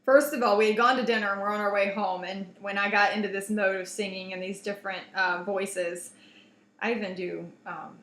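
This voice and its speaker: Chatty, bright-voiced woman telling stories. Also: medium pitch, brisk. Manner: animated storyteller, chatty with many fillers and restarts. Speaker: co-host. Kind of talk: casual chat. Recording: echoey room.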